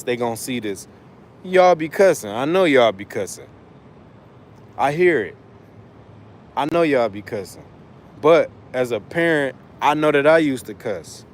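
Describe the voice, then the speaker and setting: A man's voice: medium pitch, a little hiss or hum. Cussing, rambling male livestream host. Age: adult father of school-age kids. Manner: loose, profane, rambling and emphatic. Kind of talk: casual livestream chat.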